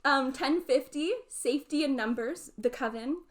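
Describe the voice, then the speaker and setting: A woman co-hosting a podcast in casual chat, giggly and quick with sarcastic asides. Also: high-pitched. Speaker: podcast co-host.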